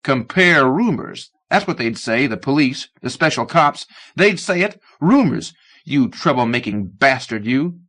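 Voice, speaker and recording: A man reading a story aloud, voicing an angry, volatile young man who snaps and shouts threats. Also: mid-range voice, animated, a little slow. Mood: furious.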